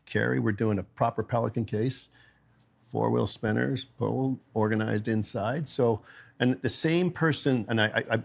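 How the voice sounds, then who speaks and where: A man who runs a company, talking as a podcast guest in a lively, storytelling way. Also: medium pitch, moderate pace, vocal fry. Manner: energetic storyteller, acts out quoted dialogue. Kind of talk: casual interview storytelling.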